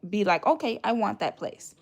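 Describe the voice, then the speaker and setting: A woman's voice: medium pitch, very animated, normal speed, vocal fry. A woman hosting a casual livestream from home, telling a long story and thanking viewers for gifts along the way. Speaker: livestream host. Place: home, near a radiator.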